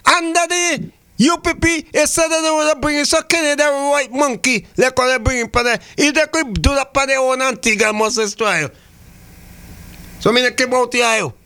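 An older man from Saint Vincent speaks in a Vincentian Creole accent with a very high, bright, smooth voice. He talks politics in a fiery, preachy way, hammering phrases over and over. The sound is dry and close. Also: fairly even intonation, normal speed, dry recording. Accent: Vincentian Creole English. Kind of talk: heated political talk radio.

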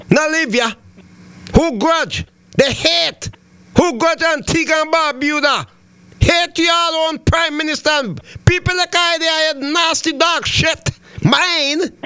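A man's voice: very high voice, sharp tone. A man hosting a radio talk show, ranting heatedly about politics and repeating himself as he goes.

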